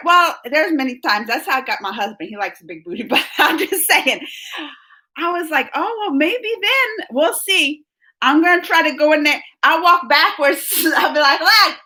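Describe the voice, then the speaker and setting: A middle-aged woman hosting a casual live stream, chatting with viewers and telling stories with frequent laughs. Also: high-pitched. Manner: chatty, animated storytelling with laughs. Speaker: live-stream host reading chat.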